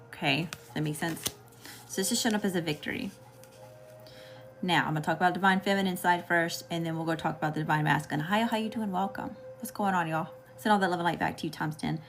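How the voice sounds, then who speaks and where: A woman with a Southern US accent gives a live tarot reading in a casual, chatty way, often checking in with "okay?" and greeting her chat. Her voice is fairly low in pitch with a fairly bright tone, and there's a little hiss or hum.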